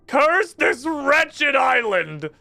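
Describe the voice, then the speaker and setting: A man voicing a pompous, ranting male dark wizard who rages in a loud, theatrical, drawn-out way. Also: very high-pitched, very animated, gravelly, dry recording, voice pushed up, full character voice. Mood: furious.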